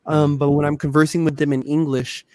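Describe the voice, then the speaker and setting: Chatty podcast guy, kinda high voice, rambles and gushes, swears a lot, dry close sound. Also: level tone, brisk, dark tone, no room sound. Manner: rambling, effusive, swears often. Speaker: podcast co-host. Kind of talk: casual chat.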